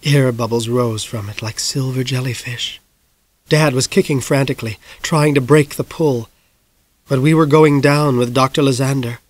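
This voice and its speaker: Grave, measured male audiobook narrator. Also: mid-range voice, steady tone. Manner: measured, grave storytelling, dropping soft at dark moments. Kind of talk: scripted narration of a novel.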